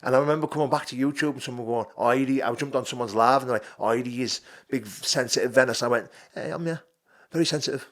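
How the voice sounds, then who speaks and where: A man's voice: mid-range voice, steady tone, fast talker, hardly any pauses. Blunt, sweary North East man in his thirties. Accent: Geordie. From North East England. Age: 30s. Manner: blunt and sweary, swings between quiet and emphatic. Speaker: podcast guest, fighter. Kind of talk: casual podcast chat.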